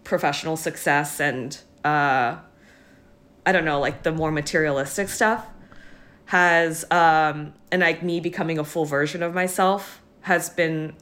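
A young woman with a somewhat low voice talks in a loose, halting podcast chat. She is teary, full of fillers and restarts, and laughs now and then through the tears. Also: fairly even intonation, a bit bright. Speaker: podcast co-host. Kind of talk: casual chat.

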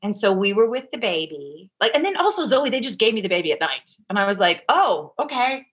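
Animated woman telling a personal story. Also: medium pitch, fast talker, breathy edge. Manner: animated, swings between loud excitement and hushed tones. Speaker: guest. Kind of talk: casual storytelling.

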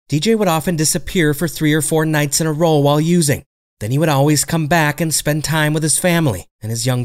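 A man narrating a true-crime story in a measured, dramatic scripted delivery. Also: a little high. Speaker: narrator and host.

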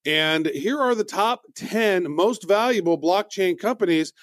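A man's voice: high-pitched, animated, unhurried, a bit bright, no room sound, clean studio sound. Chatty man hosting a crypto podcast. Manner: chatty, many fillers, loose delivery. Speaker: podcast host. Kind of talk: casual podcast news rundown.

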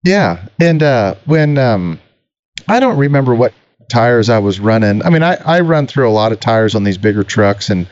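A middle-aged man co-hosting a podcast, telling animated stories in casual chat and swearing freely. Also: medium pitch, moderate pace, dry recording. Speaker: podcast co-host. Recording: slightly muffled audio.

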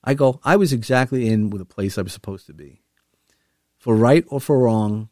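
A man's voice: medium pitch, moderate pace, warm tone, dry recording, clean studio sound. A middle-aged man telling a personal story in an earnest, heartfelt way, rambling a little with restarts. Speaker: vlogger sharing a personal story.

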